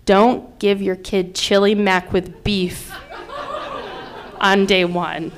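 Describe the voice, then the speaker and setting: A woman in her thirties from upstate New York, telling a personal story with lively acted-out quotes. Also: mid-range voice, slow, noisy background. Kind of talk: personal story told to an audience.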